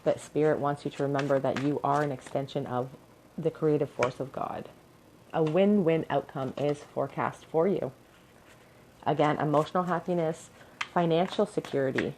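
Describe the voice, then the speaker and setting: A woman's voice: low-pitched, moderate pace, darkish tone, slight background noise, rough recording. A young woman giving an encouraging, earnest pick-a-card tarot reading to her viewers. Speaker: tarot reader.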